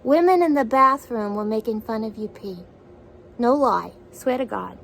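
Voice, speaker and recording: A woman's voice: fairly high pitch, moderate pace, gravelly, a bit bright, a little hiss or hum, rough recording. A woman in a one-sided conversation, repeating back what she hears and asking incredulous follow-up questions.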